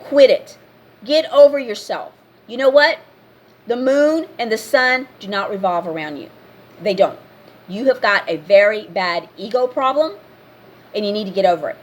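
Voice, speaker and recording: A woman's voice: medium pitch, animated, moderate pace, lo-fi sound. A woman vlogger in a casual rant to camera, blunt and scolding, repeating her points.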